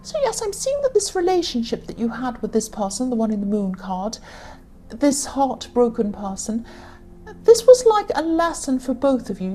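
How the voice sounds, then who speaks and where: Female tarot reader, higher pitch, warm tone, halting delivery that keeps correcting itself. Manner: halting, many fillers and self-corrections. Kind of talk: tarot reading to camera.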